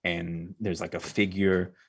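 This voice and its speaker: A man's voice: sits low, little pitch movement, a little slow, creaky. A man narrating a tabletop game as game master, in a loose, chatty way full of fillers.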